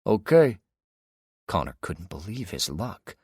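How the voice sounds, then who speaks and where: A man reading an audiobook in a steady, even storytelling manner. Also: sits low, moderate pace, dry recording, clean studio sound. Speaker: audiobook narrator. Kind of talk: scripted audiobook narration.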